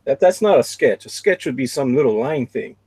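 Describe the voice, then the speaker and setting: A man's voice: medium pitch, lively intonation, fairly quick, a little mellow, breathy edge, no echo, poor audio. A man chatting on a livestream art auction as a bidder, eagerly talking up the artwork. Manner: enthusiastic, talks up the artwork. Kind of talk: casual livestream chat.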